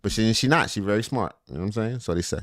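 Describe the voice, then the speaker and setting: A man's voice: on the low side, quick pace, fairly bright tone, dry recording. A man hosting a reaction video, giving casual, rambling commentary with jokey asides.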